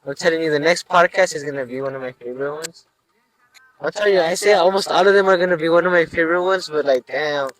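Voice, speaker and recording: A man's voice: a little high, quick pace, a bit bright, no echo, rough recording. Easygoing young male podcast host. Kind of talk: casual chat. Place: small room with podcast lights and mic.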